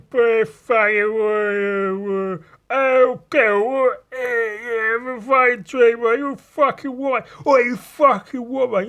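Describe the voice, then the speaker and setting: A man putting on a loud, drunk, aggressive young lad with a shouty, jeering, sweary manner. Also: extremely high pitch, voice pushed up, heavily acted.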